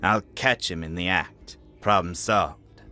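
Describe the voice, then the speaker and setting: A man's voice: deep voice, slow, sharp tone, soft background music, exaggerated voice. A man voicing a violent, hot-tempered scammer husband who snarls and roars threats. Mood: scheming anger.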